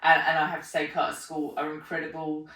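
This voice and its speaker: A woman's voice: sits low, fast talker. A woman tells stories in a casual interview, acting out her own lines and often breaking into laughter. Her voice sounds roomy and a little distant from the mic. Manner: animated storyteller, acts out her own remarks, laughs often. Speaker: podcast host being interviewed.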